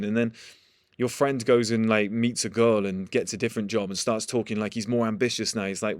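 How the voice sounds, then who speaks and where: A man's voice: on the low side, steady tone, brisk, dry recording. Blunt man, dry close sound. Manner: blunt, profane, emphatic. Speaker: motivational speaker. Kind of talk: casual motivational monologue.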